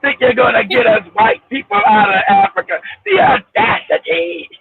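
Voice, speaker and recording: A scornful colonizer figure drawls out his mockery, as a man puts him on. The voice sits low and gravelly. It comes through a thin, phone-like line. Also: huge pitch swings, normal speed, heavily acted. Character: sneering colonizer man mocking listeners.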